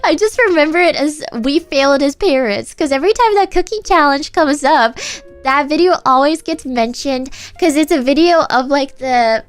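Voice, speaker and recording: Giggly high-voiced woman streamer. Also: moderate pace, soft background music. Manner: giggly, laughs often between sentences; rambling storytelling with many fillers. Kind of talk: casual chat on a livestream.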